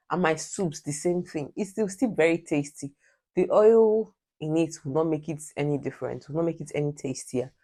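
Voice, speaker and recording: A woman's voice: sits low, dark tone. A Nigerian woman giving direct, emphatic advice in a casual vlog, repeating her points like a preacher. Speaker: vlogger.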